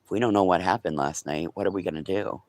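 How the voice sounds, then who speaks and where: A man's voice: deep voice, quick pace. A man in a casual, rambling live-stream chat, talking to his viewers and his pets early in the morning. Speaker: vlogger.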